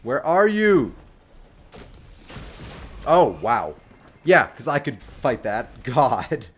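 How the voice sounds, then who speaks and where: A man streaming a video game, chatting casually with lots of fillers and sudden excited outbursts. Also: mid-range voice, drawn-out words, slightly rough. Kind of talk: casual livestream commentary. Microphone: desk microphone.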